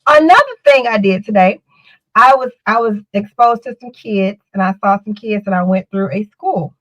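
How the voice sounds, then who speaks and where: A woman's voice: medium pitch, moderate pace, rough recording. A woman co-hosting a talk show, telling a story in a loose, rambling way that keeps repeating words and restarting. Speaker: podcast co-host. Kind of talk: casual storytelling chat.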